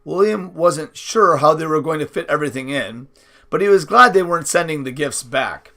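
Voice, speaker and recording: A man's voice: a little high, lively intonation, moderate pace, sharp tone. A man reading a novel aloud in an unpolished way, with slips and restarts. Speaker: audiobook reader.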